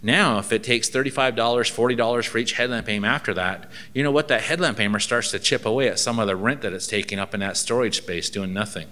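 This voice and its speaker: A man's voice: fairly low pitch, fast, hardly any pauses, bright, forceful tone. A man, a transport ministry inspector from Canada, gives a seminar and tells anecdotes with dry humor, acting out bits of dialogue.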